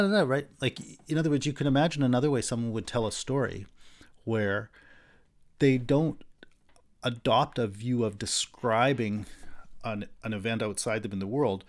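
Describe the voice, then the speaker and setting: A man lecturing on philosophy in a conversational way, restarting sentences and acting out examples. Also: mid-range voice. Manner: conversational, with frequent restarts and fillers; acts out example voices animatedly. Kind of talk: recorded university lecture.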